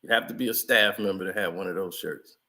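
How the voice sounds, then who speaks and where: A man's voice: low-pitched, fast talker, pushed and bright. A man giving casual, chatty commentary over old photos, laughing often and telling stories in loose slang. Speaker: vlogger.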